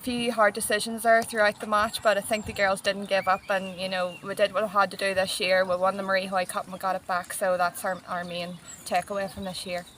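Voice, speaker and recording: A woman's voice: medium pitch, flat delivery, brisk, few pauses, a bit bright, a little hiss or hum. A young woman, speaking as team captain in a modest, matter-of-fact post-match interview.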